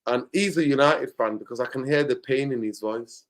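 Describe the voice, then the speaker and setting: Animated man. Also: mid-range voice, a little fast. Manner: animated, blunt, bursts of loud exclamation. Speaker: football podcast host. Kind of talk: casual football chat.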